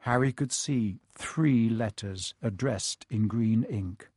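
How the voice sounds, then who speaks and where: A man narrating a story in a measured, expressive storytelling manner. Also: on the low side, breathy edge, no room sound, clean studio sound. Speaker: audiobook narrator.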